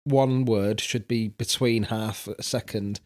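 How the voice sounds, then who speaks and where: A man's voice: fairly low pitch, fairly even intonation, slow pace, darkish tone. A man co-hosting a casual podcast, reading out instructions step by step and teasing his co-host with casual swearing.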